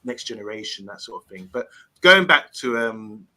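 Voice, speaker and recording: Male panelist with a very bright, sharp tone, casual rambling chat. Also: fairly low pitch, lively intonation, moderate pace, poor audio. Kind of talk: casual live-stream chat.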